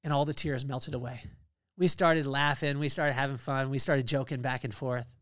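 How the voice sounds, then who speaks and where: A man's voice: medium pitch, fairly even intonation, moderate pace, no echo. A man in his forties hosting a podcast, giving a casual faith-based motivational talk and reeling off lists of virtues. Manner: conversational, reeling off lists of virtues with rising energy. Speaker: podcast host.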